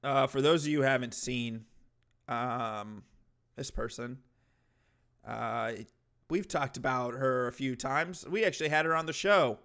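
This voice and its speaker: A man's voice: mid-range voice, unhurried, a bit bright. A male host giving casual reaction commentary in a wry, mocking way.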